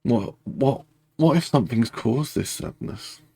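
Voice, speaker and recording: A man guides a tapping meditation in a heavily gravelly, husky voice, recorded close and dry. He speaks in slow, repetitive first-person affirmations. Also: mid-range voice, lively intonation, warm tone, dry recording.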